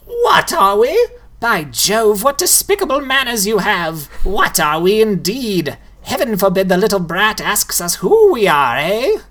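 A reader voicing a cranky female ghoul, squawking with outraged, drawn-out words. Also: mid-range voice, sing-song, fairly bright tone, voice pushed up. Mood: indignant. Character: shrill cranky female ghoul, skeletal and indignant.

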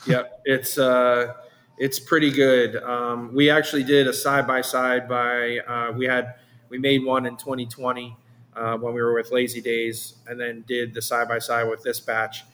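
A man talks casually in an interview about running his meadery. His voice sits at a middle pitch. He rambles, doubling words and starting sentences over as he goes. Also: completely flat delivery, normal speed, fairly bright tone. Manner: rambling, repeats words and restarts often. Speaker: meadery owner.

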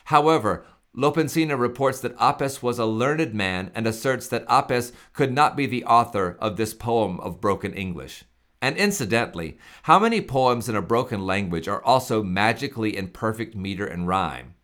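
A man giving reflective spoken commentary on old hymns, reading slowly and carefully in a measured way. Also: lowish voice, animated, fairly bright tone. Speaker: hymn presenter.

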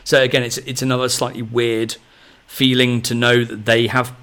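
A man in his thirties, a podcast host telling a long story in a rambling, excitable way, full of fillers. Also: medium pitch, moderate pace, clean tone. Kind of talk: casual storytelling chat.

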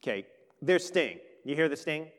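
A pastor preaching a sermon with earnest emphasis that swells and then turns quiet and intimate. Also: male voice, fairly high pitch, animated, normal speed. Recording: long hall reverb.

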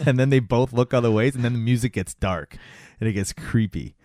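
A man's voice: medium pitch, normal speed, a little mellow, no echo, studio quality. Casual man retelling comedy sketches. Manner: retells scenes with acted quotes, laughs often. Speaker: co-host reviewing comedy sketches. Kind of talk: casual chat.

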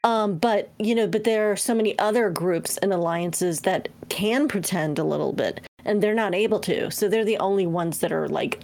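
A woman co-hosting a casual podcast, talkative and quick to laugh, with many fillers. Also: mid-range voice, a little mellow. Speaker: podcast co-host. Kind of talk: casual chat.

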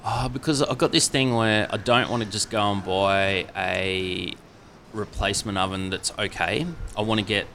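A man's voice: lowish voice, fairly even intonation, moderate pace, sharp tone, a little hiss or hum. A man in his thirties with an Australian accent, chatting casually and rambling with lots of fillers. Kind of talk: casual chat.

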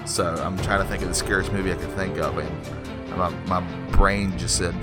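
A man's voice: low-pitched, steady tone, measured pace, over loud music. A man hosting a casual solo movie review podcast, rambling and joking with many filler words. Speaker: podcast host.

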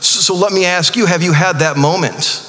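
A male pastor preaching a sermon in a relaxed, conversational way, with joking asides and frequent restarts. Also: high-pitched, normal speed. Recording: long reverb of a large hall.

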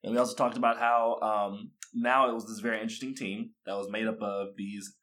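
A man's voice: lowish voice, flat delivery, brisk, a bit bright. A young man co-hosting a podcast, chatting casually, laughing often and restarting his sentences. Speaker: podcast co-host.

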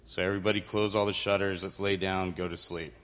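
Brief: man, lower voice, lively storyteller on a handheld mic, reverberant church hall. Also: quick pace. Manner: animated storyteller, acts out quotes, laughs often. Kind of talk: storytelling to a congregation. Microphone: handheld microphone. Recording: reverberant hall with faint ambience.

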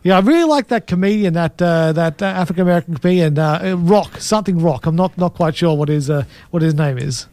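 A man, co-hosting a show, joking and rambling with halting restarts. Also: a little high, mellow. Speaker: radio co-host. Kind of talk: casual chat.

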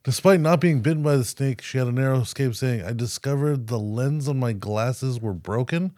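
A man co-hosts a casual comedy podcast, swearing freely and telling an anecdote with lively energy. His voice is mid-pitched and recorded dry and close, with no room sound. Every so often he slips into quick put-on voices. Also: no echo. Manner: profane, animated storytelling with playful put-on voices. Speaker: podcast co-host.

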